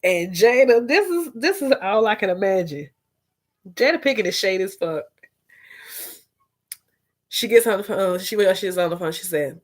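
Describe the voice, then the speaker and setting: A woman hosting a casual gossip vlog, animated and profane, laughing and talking straight to her viewers. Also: medium pitch, moderate pace. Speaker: vlog host.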